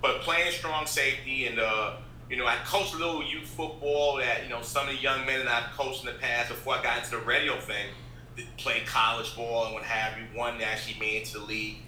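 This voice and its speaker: A man's voice: medium pitch, level tone, fairly quick, bright, forceful tone. A man who works in radio, talking as a guest in an earnest, motivational way that rambles with restarts. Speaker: podcast guest, radio host. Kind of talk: casual interview talk. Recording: roomy echo with faint background noise.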